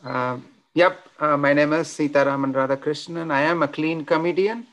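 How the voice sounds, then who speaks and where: A man from India with an Indian accent, performing a stand-up comedy set of deadpan one-liners at an open mic. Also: on the high side, normal speed.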